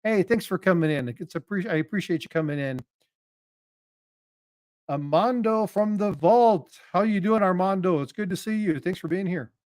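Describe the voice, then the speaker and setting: Man with a drawl, friendly streamer chatting with his viewers, slightly high voice, dry sound. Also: normal speed, a little mellow, dry recording. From North Carolina. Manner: folksy, greets viewers by name, jokey. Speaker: livestream host. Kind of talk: casual livestream chat.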